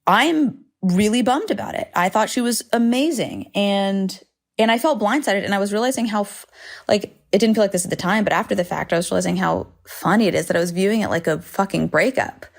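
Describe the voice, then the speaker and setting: A woman's voice: medium pitch, brisk, vocal fry. A woman hosting a solo podcast from home, talking candidly and rambling with frequent swearing and self-deprecating asides. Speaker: podcast host. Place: home, indoors.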